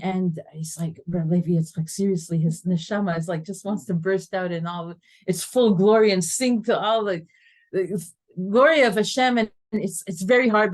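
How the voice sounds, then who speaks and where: A woman teacher giving a lively class, telling stories animatedly, laughing often and weaving in Hebrew terms. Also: mid-range voice. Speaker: Torah teacher. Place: classroom with students.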